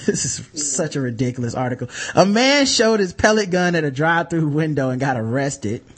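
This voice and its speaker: A man's voice: fairly high pitch, expressive, fairly quick, fairly bright tone, breathy edge. A man hosting a podcast, reading news stories aloud in casual chat, joking and profane, laughing as he reads. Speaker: podcast host.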